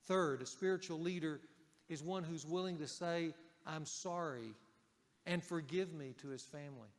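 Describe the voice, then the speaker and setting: A male pastor preaching a sermon in a conversational way, raising his voice for emphasis and dropping it softly for key points. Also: on the high side, normal speed, in a large hall.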